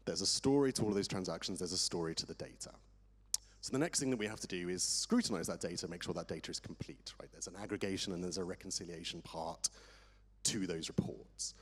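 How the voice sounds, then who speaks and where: A man's voice: low voice, fast talker, breathy edge. A man speaking as a crypto tax advisor on a conference panel, eager and digressive, losing and finding his thread. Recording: reverberant conference hall.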